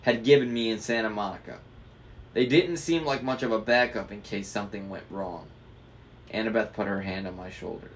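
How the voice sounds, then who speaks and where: A man reads a novel aloud in a casual, unpolished way, stumbling now and then over hard words. His voice sits low. Faint background noise runs under the recording. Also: normal speed. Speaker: book reader.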